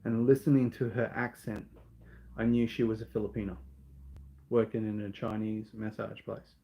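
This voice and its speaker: A man's voice: fairly low pitch, flat delivery, normal speed, gravelly, warm tone, poor audio. A man with an Australian accent answering viewer questions in a casual live Q&A, talking in an earnest, rambling way full of ums and restarts.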